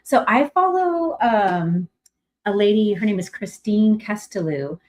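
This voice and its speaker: This livestream host, a middle-aged California woman with a mid-range voice, speaks unhurriedly with lively intonation. Her casual chat rambles, heavy on fillers and restarts, and she becomes bright and effusive saying hello to viewers.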